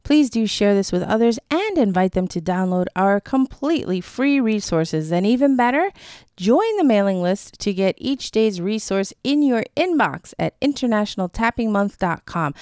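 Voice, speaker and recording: Gentle woman guiding a tapping session. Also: mid-range voice, big pitch swings, clear, resonant tone, no room sound, clean studio sound, soft background music. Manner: gentle, reassuring, slow pauses for repeating. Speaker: EFT tapping guide.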